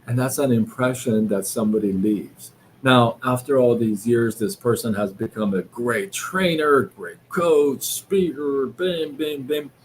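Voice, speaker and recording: A man hosting a live stream, giving a casual motivational talk in a slow, reflective way, with many fillers and restarts. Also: medium pitch, a little hiss or hum. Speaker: livestream host. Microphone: live-stream setup.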